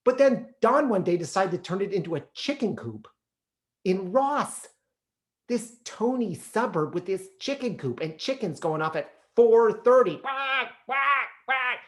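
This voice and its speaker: A man performing an autobiographical solo theatre monologue in an animated, comic storytelling way. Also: high-pitched, unhurried.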